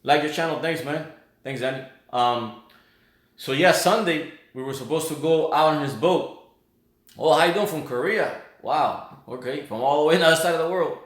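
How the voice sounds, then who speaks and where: Casual live-stream host, male, slightly high voice, loose rambling delivery, roomy echoey sound. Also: normal speed. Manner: rambling, greets viewers by name and place. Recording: roomy echo.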